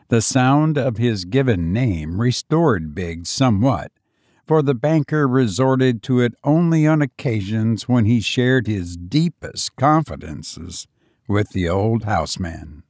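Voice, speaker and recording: A man narrates a story at an unhurried, measured pace. His intonation rises and falls vividly, and the recording is close and dry. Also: medium pitch, expressive, a little mellow, no echo. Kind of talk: audiobook narration.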